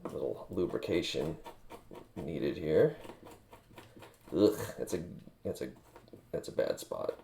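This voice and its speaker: Casual streamer guy, very low gravelly voice, crude joker, faint hiss behind. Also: animated, slow, long pauses, mellow. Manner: crude joking banter. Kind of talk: casual chat while working.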